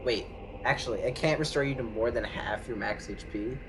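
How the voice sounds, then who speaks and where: A man's voice: mid-range voice, a little fast, background noise. A man playing a tabletop game, flustered and searching for words. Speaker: player. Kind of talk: casual tabletop play.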